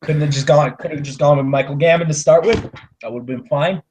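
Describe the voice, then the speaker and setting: A young man chats on a casual movie podcast. He rants with plenty of swearing, his slightly high voice jumping from loud bursts to low mutters. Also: fairly quick, background noise. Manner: profane, ranting, swings between loud and mumbled. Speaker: podcast co-host.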